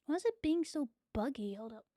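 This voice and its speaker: A woman's voice: high voice, lively intonation, brisk, mellow, dry recording, studio quality. A young woman streaming a game, chatting casually, swearing freely and laughing often. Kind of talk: casual gaming stream chat.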